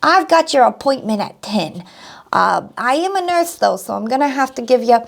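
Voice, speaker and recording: A woman's voice: on the high side, lively intonation, moderate pace, vocal fry, pitched above the performer's own voice. A woman voicing a chummy, brassy nurse with a Brooklyn accent who calls everyone sweetheart. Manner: overly familiar, calls you sweetheart.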